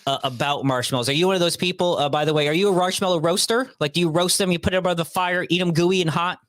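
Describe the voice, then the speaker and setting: A man hosting a casual podcast, joking and building emphatic playful rants. His voice sits a touch high and sounds dry and close, with no room around it. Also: fast talker, fairly bright tone, no echo. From Northeast Ohio. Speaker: podcast host.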